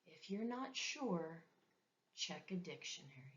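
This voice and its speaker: A woman's voice: fairly low pitch, very animated, slow. A woman teaching an English grammar lesson, speaking carefully and repeating example words for learners. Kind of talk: slow, deliberate language lesson. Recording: dull lo-fi recording.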